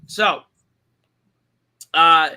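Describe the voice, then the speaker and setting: A male podcast host with a piercing, very bright voice, pitched a bit high, tearing through a film recap. His delivery is casual, irreverent and full of profanity. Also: very slow, clean tone. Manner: profane, irreverent, animated storytelling. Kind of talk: casual comedic plot recap.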